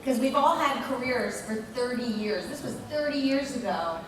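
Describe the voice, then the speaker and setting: A woman voice actor chatting on a convention panel, animated and laughing. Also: high-pitched, moderate pace. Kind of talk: panel talk. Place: large convention hall. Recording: echoey hall, mic far off, audible noise.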